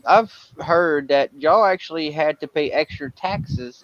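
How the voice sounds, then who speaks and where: A man's voice: a little high, measured pace, no room sound, dull audio. A man with a Southern US accent hosting a casual livestream chat, laughing often and tripping over his words. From South Carolina, USA. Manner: chuckly, stumbling over words. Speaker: livestream host.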